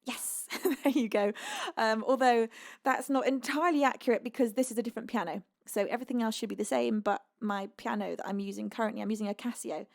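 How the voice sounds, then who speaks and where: A young singer-songwriter from the UK hosts a live stream in a relaxed, chatty way. She laughs easily and reads viewers' messages aloud. Her voice sits a little higher than most women's. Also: a little fast, creaky. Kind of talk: casual live-stream chat.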